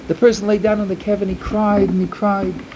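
A middle-aged man giving an emphatic storytelling sermon to a yeshiva, repeating his points and swinging from loud to hushed. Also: high voice, flat delivery, quick pace, background noise. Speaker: yeshiva speaker.

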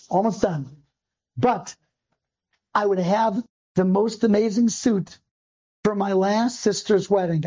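A man, a rabbi, telling a personal story to an audience and acting out the dialogue in quick, animated bursts. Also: extremely high pitch. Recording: dull lo-fi recording.

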